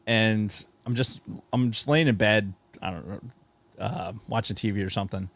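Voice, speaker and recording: A man co-hosting a podcast, telling a profane, animated story with shouted sound effects. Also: lowish voice, normal speed. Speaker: podcast co-host. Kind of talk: casual chat.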